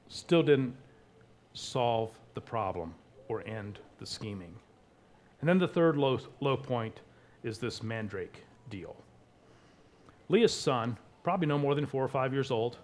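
Male pastor, sermon delivery; emphatic, dynamic swings in volume. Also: mid-range voice. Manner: emphatic, with wide swings in loudness.

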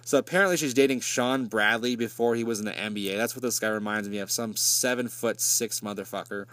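A man tearing into a movie with a steady stream of swearing and sarcasm, his pitch sitting right in the ordinary middle. The sound is dry and close, with no room echo at all. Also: fairly quick. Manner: sarcastic and profane, with mocking asides. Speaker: movie reviewer. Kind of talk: casual profane movie recap.

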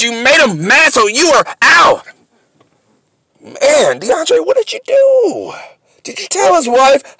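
A man hosting a sports podcast, ranting comically and mockingly, swinging between loud outbursts and low asides. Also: big pitch swings, unhurried, no room sound. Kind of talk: comedic sports rant.

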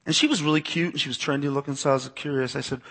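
A man's voice: fairly high pitch, steady tone, rapid-fire, a bit bright. A youth pastor in his forties who grew up on the US East Coast, giving a talk to a church audience in a conversational manner, repeating words and asking listeners to raise their hands.

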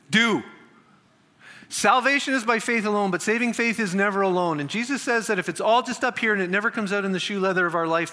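A male pastor preaching a sermon in an animated way, briefly acting out biblical figures as he tells their stories. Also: high voice, big-room sound.

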